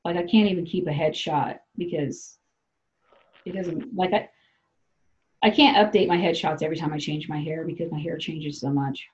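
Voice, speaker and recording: A woman's voice: deep voice, fairly even intonation, normal speed, a little mellow, dull audio. A woman from South Dakota hosting a podcast, chatting loosely and laughing as she acts out what people say. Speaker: podcast host. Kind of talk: casual chat.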